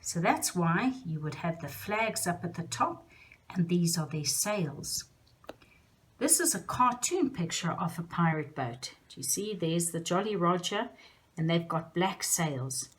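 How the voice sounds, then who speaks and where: A woman's voice: on the low side, animated, a little slow, a little hiss or hum. A woman teaching young children, speaking to them directly in a sing-song way.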